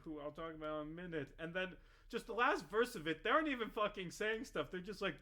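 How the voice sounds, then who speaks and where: Bright-voiced man ranting over gameplay. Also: sits high, normal speed. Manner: profane, rambling, animated ranting with frequent fillers. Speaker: gaming vlogger.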